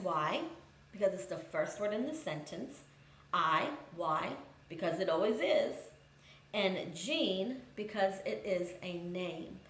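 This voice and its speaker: Woman teacher walking thru grammar examples step by step, average pitch, bit of room echo. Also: a little hiss or hum. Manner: patient, methodical, reads example sentences aloud then explains. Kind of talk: recorded grammar lesson for students.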